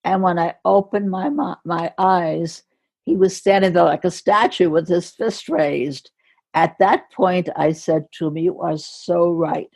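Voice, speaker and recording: An older American woman telling a story slowly and with care, laughing softly between phrases, as a guest on a podcast. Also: on the low side. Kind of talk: storytelling in conversation.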